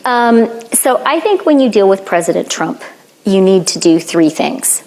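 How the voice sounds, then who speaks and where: A Canadian woman in her fifties giving a public lecture, earnest and measured, pausing often with fillers. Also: medium pitch, sing-song, a little mellow. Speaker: guest lecturer. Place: lecture hall.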